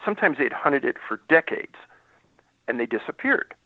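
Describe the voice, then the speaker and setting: A man's voice: medium pitch, sing-song, moderate pace, dry recording. A man, a former law enforcement investigator, telling a story as a radio interview guest and acting out the dialogue. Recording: dry, tinny phone line.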